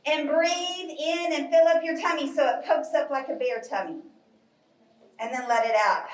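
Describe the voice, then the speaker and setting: A woman's voice: high voice, moderate pace, a little hiss or hum. A woman leading a live yoga story class for children in a library, giving cheerful, coaxing instructions. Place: library program room. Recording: echoey room, from far off.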